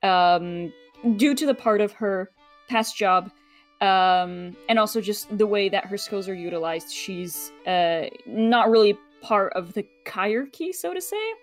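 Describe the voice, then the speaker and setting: A woman player talking through her character's world in a loose, casual way, with many pauses and fillers. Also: mid-range voice, expressive, faint music behind. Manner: thinks aloud with many fillers.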